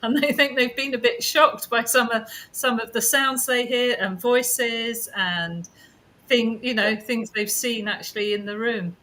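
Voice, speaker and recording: Bright-voiced woman chatting casually. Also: a little high, measured pace. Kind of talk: casual chat.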